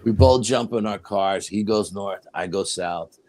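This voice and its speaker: An older New Yorker, appearing as an interview guest, tells a paranormal story and acts out the dialogue as he goes. His voice sits on the low side and runs a little slow, delivered with animated storytelling.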